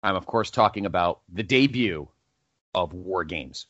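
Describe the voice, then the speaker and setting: A man's voice: deep voice, a little slow, no room sound, highs cut off. A man hosting a casual podcast countdown, rambling and correcting himself as he goes. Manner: rambling, self-correcting, animated. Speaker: podcast host.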